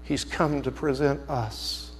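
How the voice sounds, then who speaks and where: A man preaching a sermon as a story, animated, swinging from loud outbursts to hushed, slow emphasis. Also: mid-range voice, in a large hall, a little hiss or hum.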